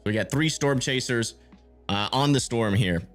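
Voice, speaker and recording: A man's voice: medium pitch, a little slow, faint music behind. A man giving live storm-tracking commentary on a stream, thinking aloud and answering viewer chat as he checks radar. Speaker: livestream weather tracker.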